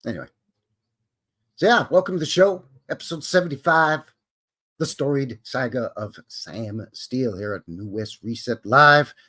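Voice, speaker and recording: A man's voice: mid-range voice, animated, moderate pace, bright, forceful tone. A man with a Canadian accent hosting a live stream, greeting his chat in a jokey, folksy way. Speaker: livestream host.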